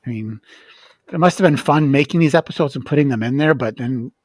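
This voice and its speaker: A man's voice: mid-range voice, a little fast, dry recording. A man in a casual podcast chat, speaking hesitantly with stammered restarts. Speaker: podcast co-host.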